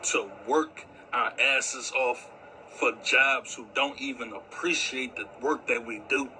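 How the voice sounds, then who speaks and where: A man's voice: mid-range voice, steady tone, slow, pushed and bright, a little hiss or hum, rough recording. A disillusioned man asking rhetorical questions about the point of working life. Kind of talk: rhetorical monologue.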